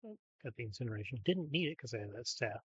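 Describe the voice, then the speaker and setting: A man's voice: medium pitch, lively intonation, fast talker, husky, no room sound. Hesitant male streamer, loose chatty play-by-play, slightly muffled dry sound. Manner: rambling, hesitant, many ums and restarts. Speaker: gameplay streamer. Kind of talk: casual commentary over gameplay.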